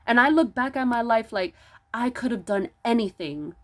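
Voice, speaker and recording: A woman delivering an impassioned spiritual monologue, preachy and emphatic, stumbling over restarts and pushing into near-yelling rhetorical questions. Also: fairly high pitch, lively intonation, normal speed. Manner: stammering restarts. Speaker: spiritual vlogger.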